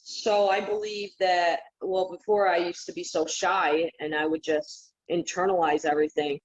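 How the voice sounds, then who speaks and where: A woman guest on a podcast, telling stories in an animated, casual way and laughing often. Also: fairly low pitch, normal speed. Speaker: podcast guest, psychic healer. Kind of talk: casual interview storytelling. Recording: dull lo-fi remote audio.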